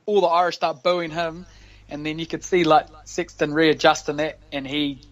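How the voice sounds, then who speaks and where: A slightly high-voiced New Zealander, a professional rugby player on a podcast, talks at normal speed with a flat delivery. Laughing often, he tells stories in casual slang, and the recording sounds lo-fi.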